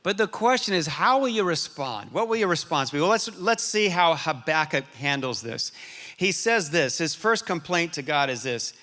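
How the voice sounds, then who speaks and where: Bright-voiced male pastor in a hall. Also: fairly high pitch, lively intonation, normal speed. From Arizona, USA. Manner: humorous, then earnest and quiet. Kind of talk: sermon. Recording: reverberant hall.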